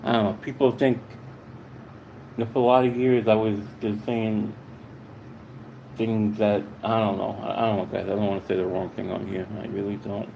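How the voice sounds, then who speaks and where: A man vlogging to his subscribers in a rambling, halting way, out of breath and repeating himself. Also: on the low side, flat delivery, creaky, warm tone, slight background noise, low-quality recording. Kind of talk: casual heartfelt monologue to viewers.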